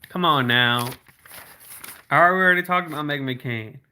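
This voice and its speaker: A man's voice: fairly high pitch, pushed and bright, smooth. A man hosting a casual livestream, reading out viewer comments and answering them in a chatty way. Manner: slows down to spell out links. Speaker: livestream host.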